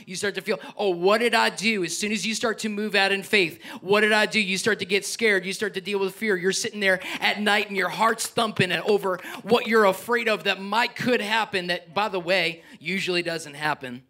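A man preaching to his congregation in a lively, animated style. His voice sits high and bright. He surges into loud exhortation, then drops low for personal, confiding asides. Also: normal speed, few pauses. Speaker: pastor. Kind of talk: sermon.

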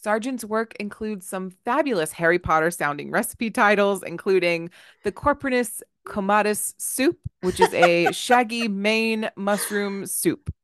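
Clean studio sound with no room tone captures a podcast co-host reading her research notes in an unhurried, medium-pitched voice. The show is casual; she trips over difficult words and laughs it off.

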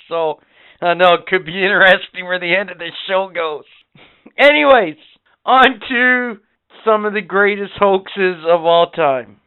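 A man hosting a podcast in profane, rambling casual chat, swinging between loud and quiet. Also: sits high, unhurried, clean tone. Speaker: podcast host. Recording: phone-like lo-fi audio.

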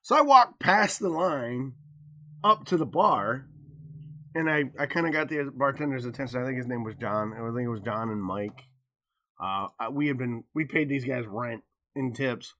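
A man's voice: mid-range voice, animated, moderate pace, sharp tone. An American man co-hosting a podcast, telling a loose, profane bar story in casual chat. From United States. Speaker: podcast co-host.

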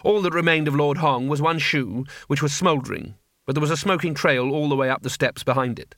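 A man narrating an audiobook in a wry, steady storytelling manner. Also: fairly high pitch, brisk, no echo, studio quality.

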